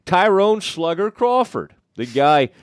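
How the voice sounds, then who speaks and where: A man's voice: high-pitched, very animated, slow, clean tone, no echo, studio quality. A man hosting a casual sports podcast, talking in loose, rambling stretches that restart and trail off mid-thought. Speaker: podcast host.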